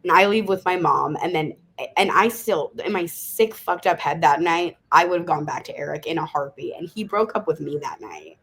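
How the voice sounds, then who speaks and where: A woman's voice: low-pitched, moderate pace, fairly bright tone, breathy edge. A woman in her thirties from Las Vegas, a podcast guest frankly telling her story and laughing often. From Las Vegas, USA. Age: 30s. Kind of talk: candid storytelling interview.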